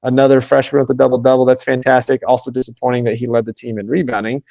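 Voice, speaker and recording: Guy hosting a sports pod, fast and rambly, kinda dull dry sound. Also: mid-range voice, flat delivery, vocal fry, mellow, no echo. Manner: quick, run-on talk with many "um"s. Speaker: sports podcast host. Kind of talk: casual sports podcast chat.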